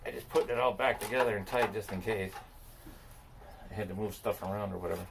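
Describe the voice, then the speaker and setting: A man's voice: lowish voice, fast, creaky, noisy background. A man chatting casually and rambling while he repairs a machine, poking fun at himself as he works. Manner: rambling, self-deprecating, talks to himself while working. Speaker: landscaping business owner repairing equipment. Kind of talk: casual chat while working.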